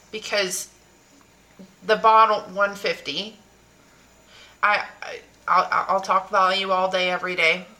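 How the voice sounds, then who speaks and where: A woman's voice: mid-range voice, pushed and bright, low-quality recording. A woman hosting a casual chat, asking questions and often restarting her sentences. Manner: inquisitive, quick restarts. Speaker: host.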